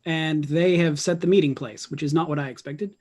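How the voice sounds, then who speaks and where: Tabletop player, husky, matter-of-fact, deadpan, middle pitch. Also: a little fast. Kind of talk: in-character chat at a tabletop game.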